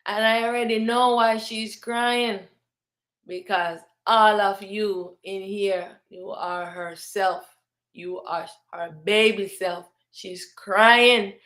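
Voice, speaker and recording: A woman giving a spiritual sermon at an unhurried, deliberate pace. Her voice sits at an ordinary middle pitch for a woman. She talks in an emphatic, preaching manner, pressing every point home. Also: flat delivery, a bit bright. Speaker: spiritual teacher.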